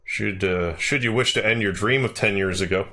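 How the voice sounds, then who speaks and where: A man's voice: on the low side, normal speed, sharp tone. A man reading a cold grand villain. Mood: menacing. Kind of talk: reading game dialogue aloud.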